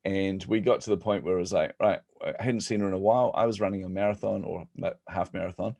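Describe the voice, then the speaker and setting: Deep-voiced New man telling stories. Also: fast, vocal fry, no room sound. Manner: animated, jokey, laughs at own stories. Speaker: guest speaker. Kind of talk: storytelling in conversation.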